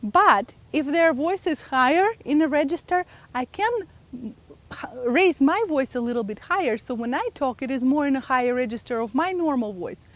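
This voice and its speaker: A woman's voice: sits high, expressive, normal speed, no room sound. A woman presenting a communication workshop, engaging the audience with frequent questions. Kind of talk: live seminar talk to an audience.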